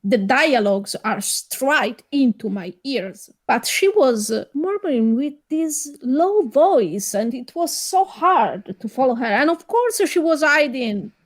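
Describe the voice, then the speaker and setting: A woman chatting casually as a podcast co-host, speaking in a deliberate, wry way. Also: sits high, expressive. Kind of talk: casual chat.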